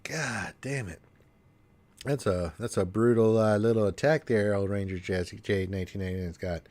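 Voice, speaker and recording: A man's voice: on the low side, fairly even intonation, fairly quick, dark tone. A congested man with allergies, hosting a casual gaming livestream and rambling with cursing asides. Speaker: livestream host.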